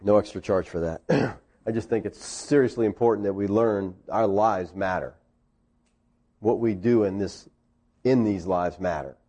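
A middle-aged man preaching a sermon, animated, with jokes and acted-out quotes. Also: on the low side, unhurried, breathy edge. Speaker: pastor.

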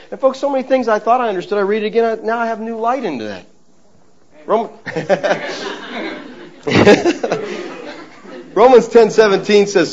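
Middle-aged male preacher, folksy and emphatic, a bit high-voiced, dull lo-fi sound. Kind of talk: sermon. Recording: dull lo-fi recording.

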